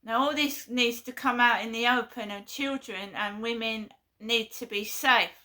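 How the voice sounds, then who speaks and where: A woman's voice: fairly high pitch, moderate pace, pushed and bright. A woman giving a blunt, earnest vlog monologue, often repeating herself. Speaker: vlogger. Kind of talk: impassioned monologue.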